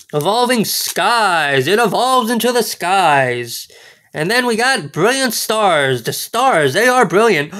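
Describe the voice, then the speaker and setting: A man's voice: high voice, pushed and bright. A man hosting a casual card-opening video, goofy and playful, full of exclamations and wordplay. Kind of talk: casual unboxing commentary.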